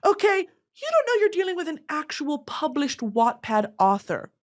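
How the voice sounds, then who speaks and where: A woman's voice: high-pitched, big pitch swings, normal speed. A young woman hosting a comedy podcast, dramatic and swinging between mock outrage and giggles. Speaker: podcast host. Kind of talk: comedic chat.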